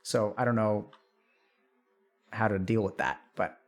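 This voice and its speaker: A man's voice: fairly low pitch, a little slow. A middle-aged man, a doctor, chatting casually on a live stream, thinking aloud and reading out chat with frequent restarts.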